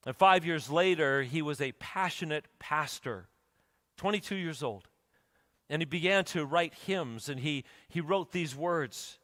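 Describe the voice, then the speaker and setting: A man's voice: on the high side, measured pace, fairly bright tone. A man preaching a sermon, telling a story and building to urgent, emphatic appeals. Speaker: pastor. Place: church sanctuary. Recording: church hall reverb.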